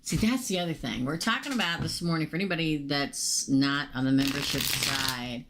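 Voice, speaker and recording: A woman losing her voice, hosting a casual live tarot reading and chatting excitably with viewers she calls by name. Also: sits low, moderate pace, a little hiss or hum.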